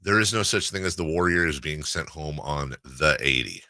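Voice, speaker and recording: A man's voice: very deep voice, expressive, bright, forceful tone, no room sound, clean studio sound. A man hosting a morning sports radio show, joking and laughing with his co-host and callers. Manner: jokey, laughs often, quick to riff. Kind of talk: casual sports radio chat. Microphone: studio microphone.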